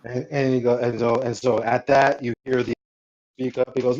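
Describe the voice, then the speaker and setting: A man's voice: medium pitch, level tone, moderate pace, a little mellow, highs cut off. A man narrating a tabletop game as game master, loose and rambling with lots of fillers.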